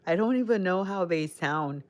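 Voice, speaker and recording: With a lowish voice, lively intonation and a moderate pace, a Caribbean-born woman raised in Connecticut hosts a casual livestream. Her accent mixes Caribbean and American, and she talks in a rambling, chatty way, responding directly to viewers in the chat.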